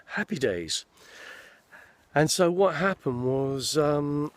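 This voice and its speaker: Fairly high-pitched and animated, this man takes his time, and the recording has no echo. He is a sixty-something actor in a forest, casually telling rambling, restart-heavy stories about his film career.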